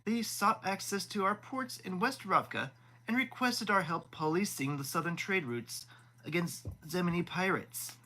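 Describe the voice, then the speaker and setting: A man's voice: sits high, expressive, moderate pace, pushed and bright, voice pushed up, exaggerated voice, low-quality recording. A man voicing a smug, boastful elder prince in a live audiobook reading, talking pompously. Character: smug proud elder prince, male adult.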